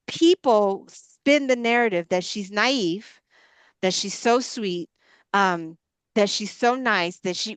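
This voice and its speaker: A woman's voice: on the high side, dry recording. Emphatic woman preaching motivation. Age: adult mother of grown girls. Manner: emphatic and repetitive, building in punchy parallel lines. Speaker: ministry leader and women's coach. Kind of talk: preaching-style motivational talk.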